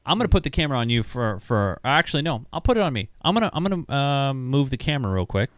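Male co-host, relaxed chatty delivery, laughs easily, crisp voice, mid pitch. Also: fast, no echo, studio quality. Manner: laughs often, repeats himself. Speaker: show co-host. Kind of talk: casual chat, reading viewer questions. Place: home studio.

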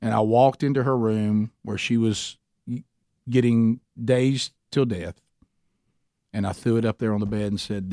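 A man's voice: on the low side, steady tone, unhurried, warm tone, no room sound, studio quality. Rambling man teaching Bible study. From Alabama. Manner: rambling, self-deprecating, many restarts. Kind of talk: storytelling Bible study talk.

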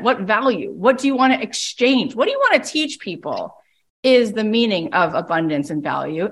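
A woman coach leading a group call, talking emphatically and bluntly and jumping into mocking voices to make her points. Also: medium pitch. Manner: emphatic and animated, with big swings into mocking voices; blunt and profane at times. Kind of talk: impassioned coaching talk.

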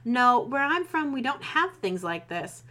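A woman's voice: a little high, sing-song, a little slow, fairly bright tone, voice pushed up. Woman reading as an eager young unicorn girl, bookish and full of questions, voice lifted a bit. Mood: curious.

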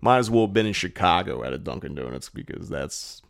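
A man's voice: sits low, sing-song, brisk, vocal fry, no room sound, studio quality. A man co-hosting a podcast in casual chat, swearing freely and laughing at himself. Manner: swearing, self-deprecating, laughs often. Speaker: podcast co-host.

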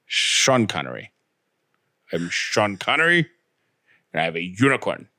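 A man doing a silly, deliberately bad mock Scottish impression of a movie spy, repeating himself for laughs. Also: sits low, sing-song, sharp tone, no echo, clean studio sound, pitched below the performer's own voice, exaggerated voice. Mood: goofy.

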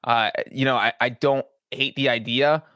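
Halting male podcast co-host, dry sound. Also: mid-range voice, steady tone, sharp tone, no room sound. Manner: conversational, halting. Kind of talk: casual podcast chat.

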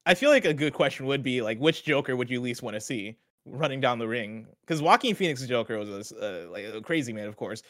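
A man's voice: medium pitch, expressive, a bit bright. A man co-hosting a podcast, chatting casually in an upbeat way. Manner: quick, upbeat, laughing. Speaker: podcast co-host. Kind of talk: casual chat.

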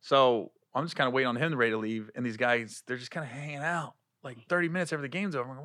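A man telling stories in a casual chat, animated and laughing, acting out other people's voices. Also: mid-range voice, rapid-fire, hardly any pauses, dry recording, clean studio sound. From Cincinnati area. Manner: animated, acts out quoted voices, swears, laughs often.

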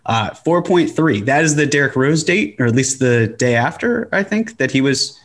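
A man's voice: medium pitch, lively intonation, moderate pace. A man co-hosting a casual sports podcast, skeptical, asking his partner for numbers. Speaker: podcast co-host.

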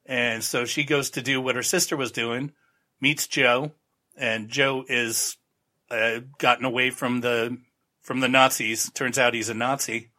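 A man hosts a podcast in an easy, rambling recap, dropping sarcastic asides as he goes. His voice is mid-pitched and bright, with a forceful edge. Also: level tone, unhurried. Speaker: podcast host. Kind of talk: casual recap of a TV show.

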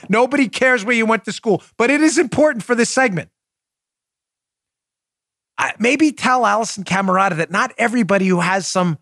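A man's voice: high-pitched, sharp tone, no echo, studio quality. A man hosting a political talk show, giving sarcastic, mocking commentary. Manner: mocking, acts out scenes in mimicked voices.

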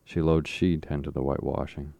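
Fearful young boy talking in dialect as a man reads him, low flat voice. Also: a little fast, creaky, no room sound. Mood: timid. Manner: rural dialect speech.

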